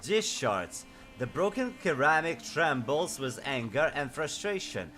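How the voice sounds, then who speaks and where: A man's voice: on the high side, very animated, measured pace, a bit bright. A man who speaks natively, giving enthusiastic casual let's-play commentary and reading game texts aloud. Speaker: gaming streamer.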